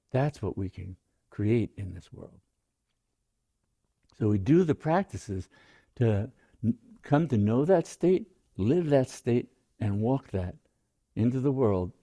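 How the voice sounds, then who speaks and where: Soft-spoken man, dark mellow tone. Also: fairly low pitch, expressive, gravelly. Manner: slow, gentle, soft-spoken, drawn-out phrasing. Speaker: meditation teacher. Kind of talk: guided meditation talk.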